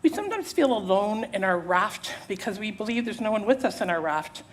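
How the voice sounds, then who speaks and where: Here a woman preacher talks a little fast at medium pitch during a church sermon. Acting out a story with theatrical voices, she keeps the audience drawn in through an animated, engaging style.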